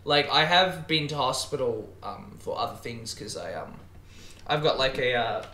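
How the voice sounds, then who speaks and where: Animated young guy, bright tense tone, echoey room, casual podcast chatter. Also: medium pitch, moderate pace. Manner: animated, swearing, loud bursts of laughter. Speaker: podcast guest. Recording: roomy echo.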